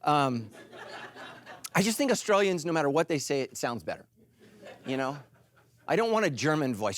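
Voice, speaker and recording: A middle-aged male pastor preaching a sermon in an animated, joking way, acting out little voices. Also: a little high, moderate pace, pauses often, raised voice. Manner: animated, jokey, acts out voices.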